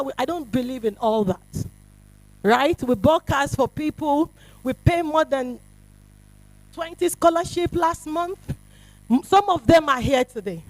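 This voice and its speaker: A middle-aged woman, giving a fervent testimony to a youth retreat, swinging from hushed to shouting. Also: high-pitched, dry recording, poor audio. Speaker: prophetess speaking to a youth retreat. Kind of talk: impassioned testimony to a crowd.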